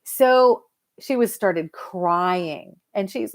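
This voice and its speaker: A woman hypnotherapist chatting casually to viewers on a live stream, lively and talking straight to her audience. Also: medium pitch, takes it slowly. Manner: chatty and lively, addresses viewers as "you guys". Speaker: hypnotherapist and mentor.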